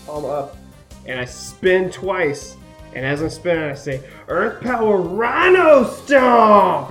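A man playing a tabletop role-playing game, animatedly describing his character's actions with quick restarts and laughter. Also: on the high side. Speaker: player.

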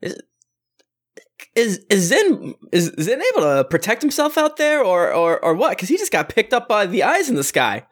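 A man's voice: high-pitched, very animated, normal speed, pitched above the performer's own voice. A man voicing a worried woman at an inn, asking anxious questions.

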